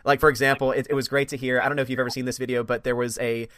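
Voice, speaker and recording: A man's voice: mid-range voice, level tone, racing, a bit bright, no room sound. Man, host, eager and laughing, stumbling repeats, dry close sound. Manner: enthusiastic, laughs often, stumbles and repeats words. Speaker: host of a livestream. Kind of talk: casual chat.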